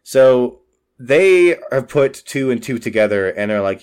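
A man narrating a pirate tabletop game as game master, relaxed and rambling with frequent fillers. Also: medium pitch, a little slow, clear, resonant tone.

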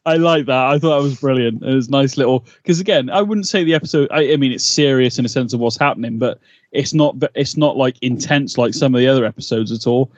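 A man, co-hosting a podcast and rambling through his thoughts in an animated way, laughing a lot. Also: mid-range voice, fast talker, no room sound. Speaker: podcast co-host. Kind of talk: casual episode recap chat. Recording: slightly dull, dry mic sound.

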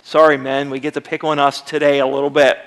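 A man's voice: mid-range voice, level tone, quick pace, vocal fry, fairly bright tone. A male pastor preaching a sermon to his church in a conversational way, acting out short quoted voices now and then. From United States. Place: church sanctuary.

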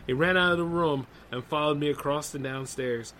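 A man's voice: on the high side, normal speed, a bit bright, slight background noise, poor audio. Man casually reading horror stories. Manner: loose, conversational asides full of 'like' and 'man'. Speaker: podcast host.

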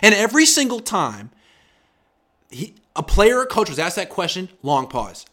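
At normal speed and with a voice that sits high, this young sports writer guest keeps his podcast chat casual. He animates his quotes of players, acting them out in big, loud jumps.

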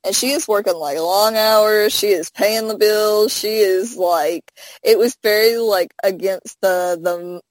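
A woman's voice: mid-range voice, measured pace, dry recording, low-quality recording. A chatty woman with a lilt tells stories in a loose, filler-heavy way and slips into the voices she quotes. Her voice sits in a middle range and sounds close and dry, with no room around it. She talks over a phone. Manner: animated storytelling with many fillers, acting out quotes. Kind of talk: casual chat.

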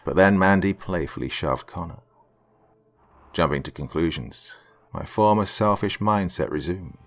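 Deep-voiced expressive male storyteller. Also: a little slow. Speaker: narrator. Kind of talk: first-person story reading.

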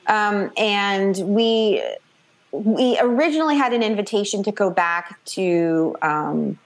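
A woman author from the New York area talks through her story in a relaxed interview. She is chatty and animated, slipping into quick put-on voices for the people she quotes. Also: medium pitch. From New York / New Jersey. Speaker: author guest. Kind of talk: casual interview chat.

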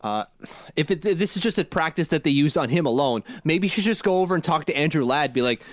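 A man's voice: on the high side, expressive, quick pace, no room sound. A man co-hosting a casual sports podcast, rambling and poking fun at himself as he talks. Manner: rambling and self-deprecating, laughs at himself. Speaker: podcast co-host.

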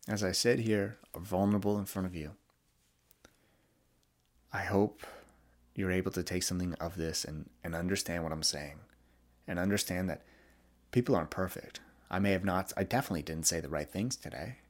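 Very low-voiced man, candid podcast talk. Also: moderate pace, long pauses. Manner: candid, reflective, with frequent restarts and laughs. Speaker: podcast host. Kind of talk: solo podcast monologue.

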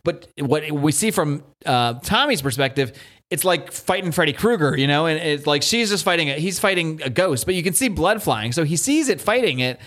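A man co-hosting a casual podcast, recapping a comic book story with lively retellings and quoted lines. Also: on the high side, normal speed. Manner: animated retelling, acts out quotes. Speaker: podcast co-host.

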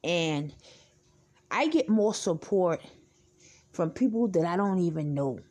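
A woman's voice: on the low side, animated, takes it slowly, mellow, breathy edge. A woman hosting a podcast, talking straight to her listeners in a blunt, outspoken, rambling way. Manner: blunt, outspoken, swears freely. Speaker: podcast host. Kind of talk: casual podcast monologue.

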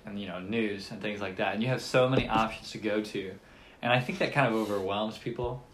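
A young man appearing as a podcast guest, thinking aloud in a halting way and pausing mid-sentence. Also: on the low side, background noise. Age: young adult. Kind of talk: casual podcast chat.

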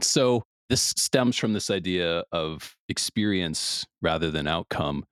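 A man with a very low voice hosts a podcast conversation. He speaks thoughtfully and reflectively, and the recording sounds dry and close. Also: expressive, slow pace, fairly bright tone, smooth, dry recording. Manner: reflective, thoughtful, often checks in with "right?". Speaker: podcast host. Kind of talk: casual interview chat.

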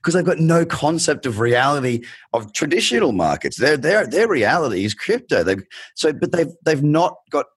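A man's voice: a little high, sing-song, moderate pace, breathy edge, no echo. A man hosting an interview, talking animatedly and acting out the people he quotes. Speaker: podcast host. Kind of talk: conversational interview.

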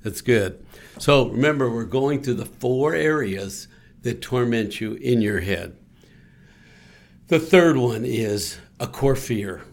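A man's voice: mid-range voice, animated, slow pace, gravelly. A man co-hosting a faith-based podcast, earnestly leading listeners through a spoken forgiveness prayer in a pastoral way. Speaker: co-host.

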